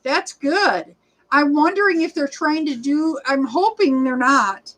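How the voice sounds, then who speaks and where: Unhurried and chatty, a high-voiced woman in her forties reads comments on her livestream as a rideshare vlogger, her tone fairly bright despite poor audio. She rambles with frequent fillers, greets viewers by name, and at times is short of breath.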